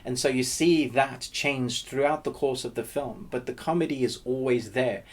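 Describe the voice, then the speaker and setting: A man's voice: mid-range voice, normal speed. A man hosting his own channel, chatting casually through a movie review and thinking aloud as he goes. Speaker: film reviewer and channel host.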